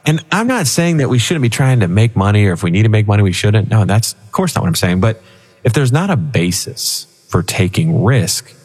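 A man co-hosting a financial radio show, telling stories with animated chat. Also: on the low side, a little fast, husky, big-room sound. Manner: animated storytelling with laughs. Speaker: financial advisor co-host.

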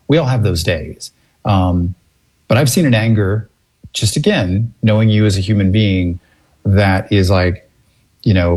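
Low husky-voiced male host, relaxed and rambling, call-in radio. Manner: laid-back, searching for words. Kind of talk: casual radio talk. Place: remote location away from studio.

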